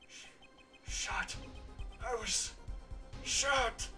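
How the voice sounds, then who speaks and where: A man voicing a shot, dying man who speaks in broken, halting gasps. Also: very high-pitched, sharp tone, recorded from a distance, soft background music, voice pushed up, full character voice. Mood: gasping, fading. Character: dying shot man gasping out last words.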